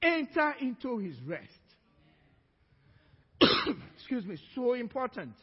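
High-voiced pastor preaching in a reverberant hall. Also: male voice, slow, breathy edge, muffled recording. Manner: animated storytelling, acting out voices. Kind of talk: sermon.

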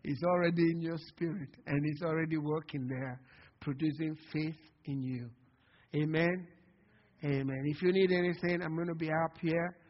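Impassioned pastor preaching in a reverberant church. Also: male voice, fairly high pitch, fairly even intonation, normal speed. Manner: impassioned preaching, calls of "Amen?" to the congregation. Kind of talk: sermon. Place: church sanctuary. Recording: long hall reverb, dull lo-fi sound.

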